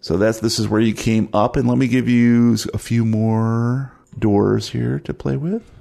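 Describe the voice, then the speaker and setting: A man's voice: medium pitch, fairly even intonation, a little slow, gravelly, mellow. A man acting as game master, chatting casually and joking with his players between turns. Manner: jokey, laughs often.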